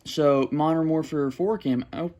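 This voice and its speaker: A man's voice: fairly high pitch, fairly even intonation, measured pace, mellow, slight background noise. A young man ranting about a video game series, rambling with restarts and frustrated sarcasm. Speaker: gaming commentary youtuber. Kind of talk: unscripted gaming rant.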